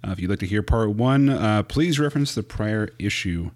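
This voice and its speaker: A man's voice: lowish voice, expressive, moderate pace, darkish tone. A man hosting a retro gaming podcast, introducing the episode and his co-hosts. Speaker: podcast host.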